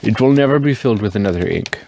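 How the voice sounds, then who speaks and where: A tipsy man rambling casually in a show-and-tell vlog, swearing and wandering up and down in pitch. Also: lively intonation, fast talker, vocal fry, darkish tone, a little hiss or hum. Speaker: fountain pen vlogger.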